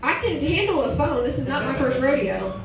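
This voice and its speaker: A brash, profane woman in her forties works a comedy club crowd with a high, bright voice. She is heard from a distance in a very reverberant room. Audience laughter rolls in around her. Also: sing-song, a little fast, gravelly. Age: 40s. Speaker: stand-up comedian. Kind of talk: stand-up comedy set with crowd work. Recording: roomy live venue, distant mic, audience laughter.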